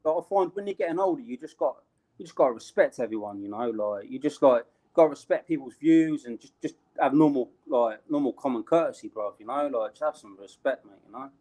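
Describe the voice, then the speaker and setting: A man's voice: medium pitch, animated, a little fast, dark tone. A young British man telling a street story in casual, slangy talk, laughing along the way. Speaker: interview guest.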